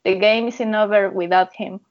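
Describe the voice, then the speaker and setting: A woman in casual podcast chat with a mid-range voice. She speaks haltingly and thoughtfully and restarts her words. The sound is dull and lo-fi. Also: mid-range voice, steady tone. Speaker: podcast co-host.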